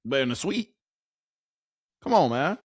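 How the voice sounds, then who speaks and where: A man's voice: mid-range voice, big pitch swings, a little slow, husky, no room sound, studio quality. A man giving casual sports reaction commentary, heated and mocking, with plenty of profanity.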